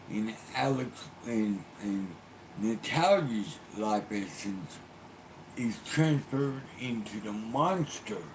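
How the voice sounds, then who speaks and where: A man's voice: on the low side, background noise. A man streamer casually retelling a game's plot, rambling with frequent ums and restarts.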